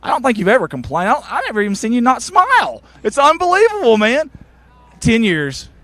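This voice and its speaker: A man, reporting from the sideline of a football field after a game and interviewing people with eager, warm praise. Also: very high-pitched, brisk, no echo. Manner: excited, warm toward players, repeats "I'm gonna tell you something".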